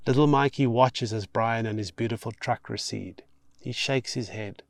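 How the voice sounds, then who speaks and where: A man reading his own novel aloud in steady, expressive audiobook narration. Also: medium pitch, moderate pace, gravelly, no room sound, clean studio sound.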